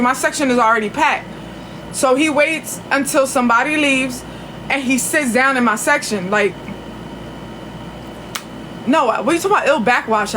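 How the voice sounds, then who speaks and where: A woman's voice: a little high, background noise. A woman telling a long story on a casual livestream, chatty and profane, with frequent restarts. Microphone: phone.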